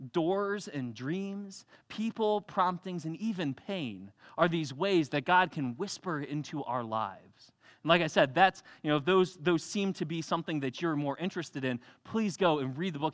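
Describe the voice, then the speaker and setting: Animated bright-voiced male preacher. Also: a little high. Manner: animated storytelling, acts out voices, laughs often. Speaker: pastor. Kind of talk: sermon.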